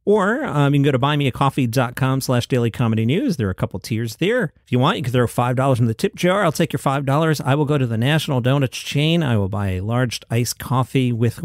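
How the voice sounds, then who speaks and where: A man's voice: medium pitch, darkish tone, no echo. A man hosting a solo comedy news podcast, talking in a dry, wry way with offhand asides. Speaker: podcast host.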